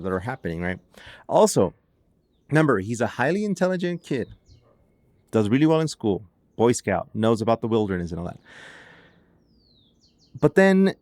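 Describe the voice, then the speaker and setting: Male podcast host, lowish voice, dry close mic, loose conversational storyteller who leans on fillers. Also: darkish tone, no room sound. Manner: chatty, filler-heavy with many "like"s and restarts. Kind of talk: casual storytelling narration.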